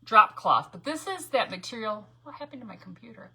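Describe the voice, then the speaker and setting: A woman streams live crafting from home, guiding viewers step by step in a casual, free-flowing chat, laughing often and greeting people by name. Her bright, sharp voice is on the high side, expressive, brisk and gravelly, over faint background noise.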